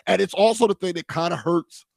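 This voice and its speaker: Male sports co-host, gravelly, opinionated and rambling, dry close mic. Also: sits high, a little fast, no room sound. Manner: opinionated, rambling analysis with restarts. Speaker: sports talk show co-host. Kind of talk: casual sports talk.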